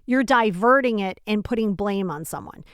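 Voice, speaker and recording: A woman's voice: mid-range voice, moderate pace, clean tone, no room sound, clean studio sound. A woman hosting a self-help podcast from home, talking casually and emphatically straight to the listener, often asking rhetorical questions. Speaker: podcast host.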